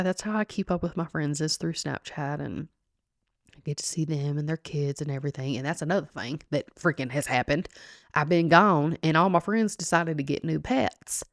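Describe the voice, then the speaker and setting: A woman with a very low, gravelly voice hosting her own podcast. She talks casually and at length, rambles a little, and laughs often. The sound is dry and close, with almost no room. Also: a little mellow, no room sound. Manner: chatty and rambling, laughs often, addresses listeners as y'all. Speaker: podcast host. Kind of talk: casual solo podcast monologue.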